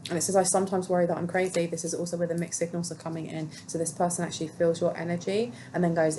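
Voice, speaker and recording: A woman's voice: fairly low pitch, flat delivery, racing, hardly any pauses, background noise. A woman giving a solo tarot reading, musing aloud and questioning the cards as she goes. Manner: musing, talks to herself and the cards. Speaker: tarot reader.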